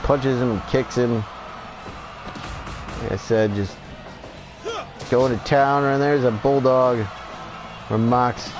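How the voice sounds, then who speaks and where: A man giving excitable, profane play-by-play commentary on a wrestling video game as he plays, laughing often. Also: medium pitch, slow, pauses often, rough recording. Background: game music.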